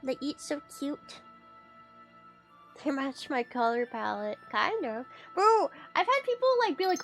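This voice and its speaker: A woman streamer in casual livestream chat with a high, bright-sounding voice. She talks in an excitable, playful ramble, swearing casually and jumping suddenly in pitch and loudness. Faint music plays quietly in the background. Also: unhurried.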